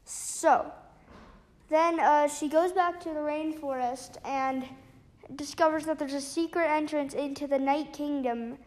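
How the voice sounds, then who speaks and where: High-voiced woman recapping a book haltingly. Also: fairly even intonation, darkish tone. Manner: halting, many restarts and fillers. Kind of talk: casual spoken book recap.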